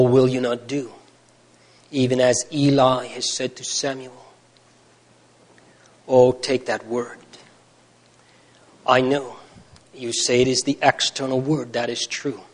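Brief: a male preacher, slow and flat-toned, solemn and pleading, sermon delivery with sudden swells and hushes. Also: mid-range voice.

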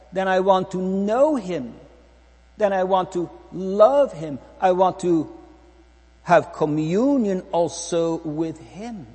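A man's voice: sits high, animated, slow pace, warm tone. A man preaching a sermon to his congregation, earnest and pleading, asking searching rhetorical questions. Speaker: pastor. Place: church hall. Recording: long church reverb with mains hum.

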